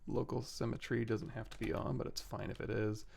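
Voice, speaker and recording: A man's voice: mid-range voice, brisk, gravelly, a little hiss or hum. A man hosting a 3D sculpting livestream, talking casually through each step as he works and correcting himself as he goes. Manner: relaxed, talks through steps while working, self-corrects. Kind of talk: casual software tutorial narration.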